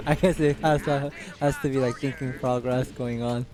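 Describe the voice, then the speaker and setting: A man with a Korean accent coaching a player live, giving brisk, directive instructions and chuckling between them. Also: medium pitch.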